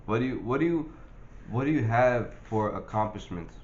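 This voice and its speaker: A man's voice: medium pitch, lively intonation, moderate pace, darkish tone, highs cut off, slight background noise. A young man in casual vlog chat, laid-back and full of profane street slang, filmed on a phone. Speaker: vlogger.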